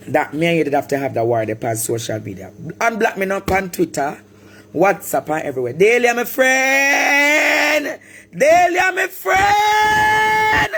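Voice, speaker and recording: A man from Jamaica with a Jamaican accent, ranting animatedly on a live stream, repeating words and bursting into shouts. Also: fairly high pitch, a little hiss or hum. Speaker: social media personality.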